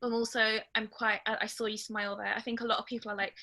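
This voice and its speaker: Woman, webinar speaker, blunt, straight to the point, bright tense voice. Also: a little high, moderate pace. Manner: lively, loud in places. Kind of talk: webinar talk on social media strategy.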